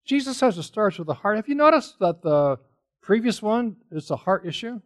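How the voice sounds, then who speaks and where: A man's voice: high-pitched, sing-song, normal speed. A man preaching a sermon, explaining scripture in an earnest teaching manner with pointed questions to listeners. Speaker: pastor.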